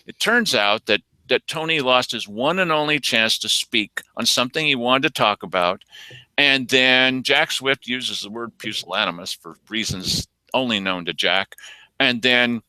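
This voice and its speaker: Animated, bright-voiced male show host. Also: medium pitch, normal speed, smooth, no echo. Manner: animated, quotes people in mocking voices. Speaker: local news show host. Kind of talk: casual commentary on local politics.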